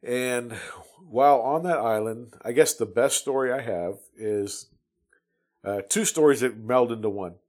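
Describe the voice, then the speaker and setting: A man's voice: mid-range voice, unhurried, a little mellow. Rambling middle-aged man telling a story. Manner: rambling, with many restarts and fillers. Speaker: Navy veteran telling his story. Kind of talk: casual storytelling.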